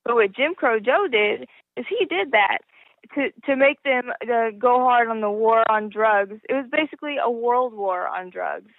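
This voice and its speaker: A woman calling into a talk show, speaking earnestly with many halting fillers. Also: a little high, lively intonation, no room sound. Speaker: caller. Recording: tinny phone line.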